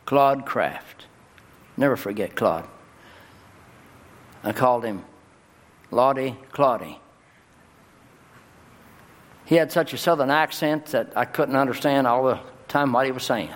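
A man's voice: measured pace, pauses often. Man preaching in a reverberant hall. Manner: preaching with sudden high, loud rises on key words. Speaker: pastor. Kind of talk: sermon. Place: church sanctuary. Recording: long hall reverb, faint ambience.

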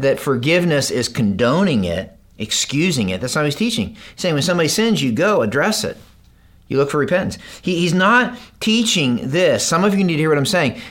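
A man preaching a sermon, moving between loud, emphatic lines and hushed, low delivery, and acting out the voices in the story he reads. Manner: acts out the parable's characters in raised voices. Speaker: pastor.

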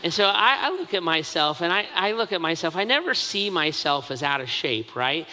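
A man's voice: fairly high pitch, very animated, moderate pace, sharp tone, long reverb tail. A man preaching a sermon as the pastor, conversational and self-mocking, with lots of asides.

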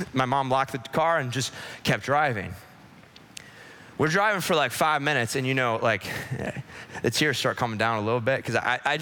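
A man preaching a sermon, swinging from loud pleading to hushed, intimate talk. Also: mid-range voice. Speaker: pastor. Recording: live sermon with long hall reverb.

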